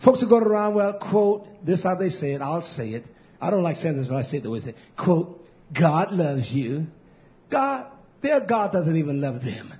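A male pastor preaching a fiery sermon, swinging from loud shouting to hushed near-whispers and repeating key phrases. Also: high voice, very animated, brisk. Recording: dull lo-fi recording.

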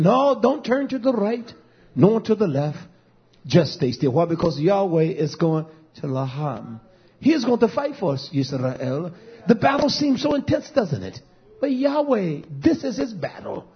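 A man preaching a sermon with emphatic repetition, swinging between quiet low passages and raised calls. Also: breathy edge. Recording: dull lo-fi recording.

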